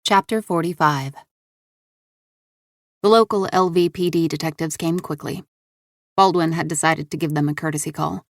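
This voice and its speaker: A woman narrating a thriller audiobook in a steady, measured way into a studio microphone. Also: sits low, no room sound. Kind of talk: scripted narration.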